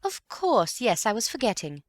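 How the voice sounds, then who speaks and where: In an audiobook, a woman performs a gossipy, self-important society mother of middle age, gushing and indignant, raising her voice above her natural pitch to a fairly high register. Her delivery is emphatic with huge pitch swings at a normal speed. The studio-quality recording has no echo.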